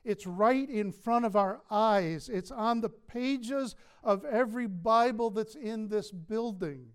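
A male pastor preaching a sermon in a church, emphatic, with slow stressed words and light chuckles. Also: sits high, smooth. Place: church sanctuary.

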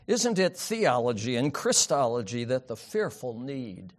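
A man preaching a sermon, swinging from loud emphatic peaks down to soft, quiet asides. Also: medium pitch, very animated, measured pace. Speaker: pastor.

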